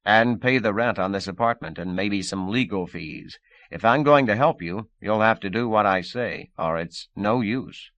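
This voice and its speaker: A man voicing a confident middle-aged male agent who talks in a brisk, coaxing way. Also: lowish voice, a bit bright, dry recording, highs cut off, lightly acted. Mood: firm.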